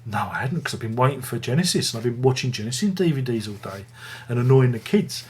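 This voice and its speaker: A man's voice: medium pitch, animated, quick pace, a little mellow, slight background noise. A man hosting a casual music review video, rambling and joking at his own expense. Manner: rambling, jokey, self-mocking.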